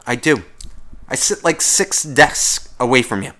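A man's voice: medium pitch, animated, a little slow, sharp tone. A man hosting a podcast, delivering a sarcastic, profanity-laced comedic rant. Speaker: podcast host.

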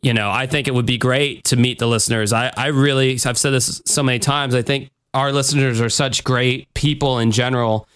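A man's voice: mid-range voice, fairly even intonation, brisk, few pauses, a bit bright, smooth. A man hosting a podcast in loose casual chat, rambling and swearing freely. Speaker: podcast host.

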